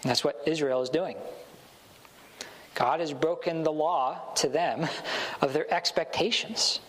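A man's voice: fairly high pitch, unhurried, a bit bright, slight background noise, rough recording. A male pastor preaching a sermon in a conversational way, sometimes acting out the voices he quotes.

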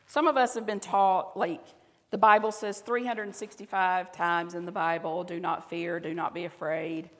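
A woman pastor with a Southern accent preaching a conversational sermon, at times dropping to a soft, intimate voice. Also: fairly low pitch, flat delivery, moderate pace. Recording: reverberant hall.

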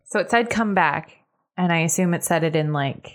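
A woman's voice: on the low side, moderate pace. A woman playing a tabletop game, blunt and joking. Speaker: player. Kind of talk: casual tabletop play.

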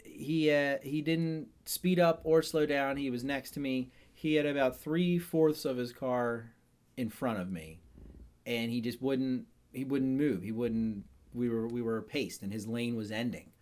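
A man in his thirties hosting a podcast, telling stories about restaurant work and driving with lively laughs. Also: mid-range voice, unhurried. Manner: animated storytelling with wild laughs. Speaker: podcast host; server in restaurants. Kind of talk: casual chat.

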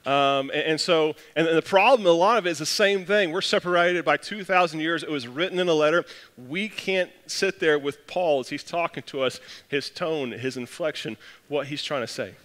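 A man's voice: fairly high pitch, moderate pace, fairly bright tone, in a large hall. A man preaching a casual, conversational sermon as pastor, self-deprecating and telling stories with frequent restarts.

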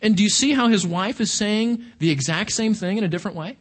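A man's voice: high-pitched, fairly quick. A man preaching a sermon in a conversational, emphatic way, with rhetorical questions to his listeners.

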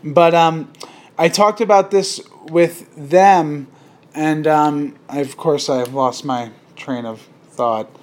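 A man's voice: a little high, slow, a little mellow. A man hosting a casual podcast chat, rambling with many restarts and frequent laughter. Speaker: podcast host.

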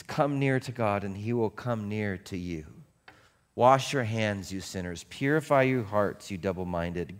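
Joking, conversational male pastor. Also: medium pitch. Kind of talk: casual sermon.

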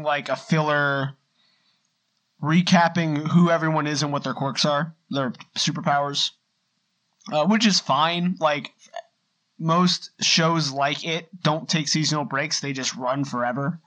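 A young man co-hosting a podcast, explaining at length in relaxed casual chat. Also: fairly high pitch, takes it slowly, poor audio. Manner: relaxed, chatty, talks in long run-on explanations. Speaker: podcast co-host.

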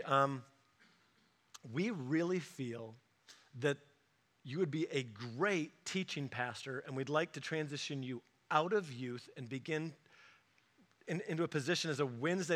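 A man pastor telling a personal story in a sermon, animated and acting out the voices of the people he quotes. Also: fairly high pitch.

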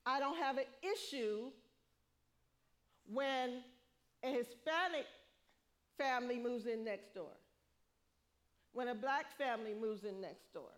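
A middle-aged woman preaching a sermon, lively, laughing often and acting out what people say. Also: a little high, slow pace, pauses often.

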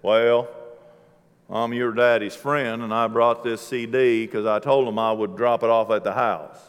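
A man imitating a friendly middle-aged country man with a slow, low, folksy way of talking, in a hall with long reverb. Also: steady tone, smooth, close to an everyday voice. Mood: earnest.

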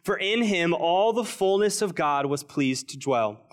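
Man preaching with slow, earnest emphasis. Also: fairly high pitch, animated. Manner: earnest preaching, stretches key phrases slowly, drops quiet for emphasis. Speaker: pastor. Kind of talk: sermon.

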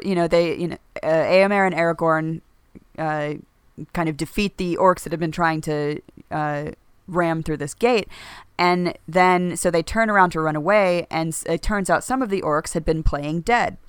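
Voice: mid-range voice, normal speed, a bit bright, smooth, no room sound, clean studio sound. A podcast co-host talking casually about a book, rambling with lots of fillers and restarts.

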